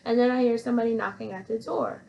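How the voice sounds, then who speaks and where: A woman vlogger telling a story in a relaxed, rambling way, circling back on herself often. Her voice sits at a middle pitch with a gravelly fry, and a faint hiss runs behind her. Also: quick pace, muffled recording. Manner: rambling, full of fillers and restarts. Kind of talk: casual storytelling to camera.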